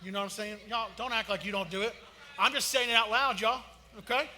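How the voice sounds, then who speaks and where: A man, preaching a sermon in a casual, joking style that rises to loud emphasis. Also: sits high, a little fast. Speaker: pastor. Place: church sanctuary. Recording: long hall reverb.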